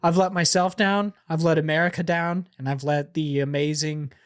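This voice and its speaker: A man's voice: a little high, fairly even intonation, moderate pace, clean tone, dry recording, clean studio sound. A man co-hosting a podcast in casual chat, swearing a lot and ranting in a joking way. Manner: profane, ranting, jokey. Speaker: podcast co-host.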